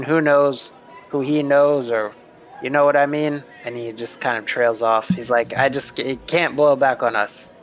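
A man narrates a tabletop game as game master. He rambles loosely with plenty of fillers at an ordinary mid pitch, over faint background music. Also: a bit bright, rough recording.

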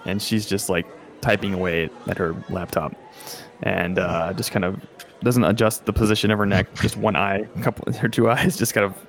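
A man narrating as game master on a voice call, relaxed and rambling, with many fillers. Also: fairly low pitch, normal speed. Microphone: headset or desk mic on a voice call.

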